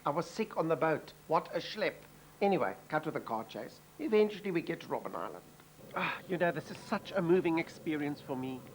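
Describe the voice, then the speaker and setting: A man's voice: on the high side, sing-song, fairly quick, slight background noise, rough recording. An actor playing a chattering, self-important white Johannesburg woman with a South African accent in a TV comedy. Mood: brassy. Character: brash gossipy middle-aged white Johannesburg woman. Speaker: comic lead. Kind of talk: TV comedy acting.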